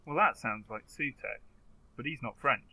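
A man co-hosting a podcast, chatty and quick to laugh. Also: mid-range voice, gravelly, pushed and bright, rough recording. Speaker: podcast co-host. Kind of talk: casual banter.

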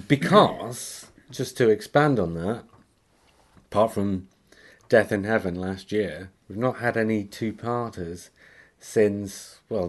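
A man's voice: lowish voice, a little mellow. A man hosting a casual podcast chat, reading listener emails aloud with small asides. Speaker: podcast host.

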